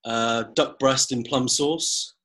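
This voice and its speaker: A man's voice: mid-range voice, steady tone, slow pace, fairly bright tone. A man co-hosting a casual podcast chat, with a dry manner, who reads short comic poems aloud. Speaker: podcast co-host.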